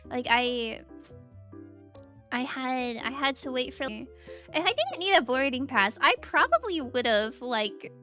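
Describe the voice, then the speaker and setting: A young woman streamer telling a rambling, animated travel story with frequent giggles and restarts. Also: high-pitched, slow, faint music behind. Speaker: VTuber streamer. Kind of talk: casual storytelling recap.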